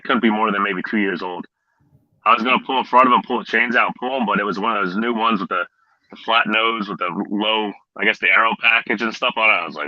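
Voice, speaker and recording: A man's voice: on the low side, sharp tone, dry recording, dull audio. A man, a fellow trucker, chatting loosely over a call, joking and swearing casually.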